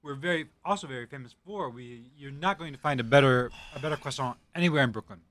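A man's voice: mid-range voice, fast talker, a bit bright. A man with a Midwestern American accent, a baker, proudly talking up his product in a salesmanlike way. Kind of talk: casual product talk.

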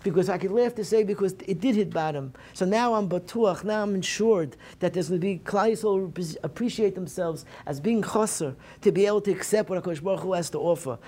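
A man's voice: sits high, brisk, few pauses, warm tone. A man giving an earnest Tisha B'Av Torah lecture at a synagogue program. He often repeats and restarts phrases and mixes in Hebrew terms.

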